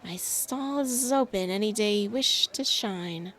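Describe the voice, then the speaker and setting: A woman voicing a coy, scheming male cobra-man silk merchant who talks slowly and hisses his persuasion. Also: mid-range voice, a bit bright, natural voice. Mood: coaxing. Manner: slow, drawn-out, hissing persuasion.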